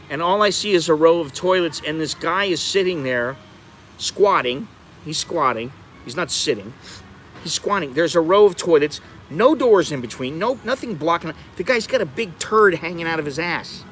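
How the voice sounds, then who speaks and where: American male vlogger, slightly high voice, animated storyteller, faint street noise behind. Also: normal speed. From United States. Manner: animated, bursts into high-pitched laughter and acted-out exclamations. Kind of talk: casual storytelling livestream.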